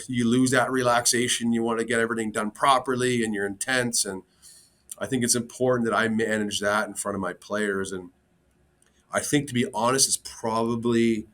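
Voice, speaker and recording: A man's voice: on the low side, fairly bright tone. A man speaking as a hockey coach guest on a podcast, talking earnestly and openly, with many fillers and restarts. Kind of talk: casual interview.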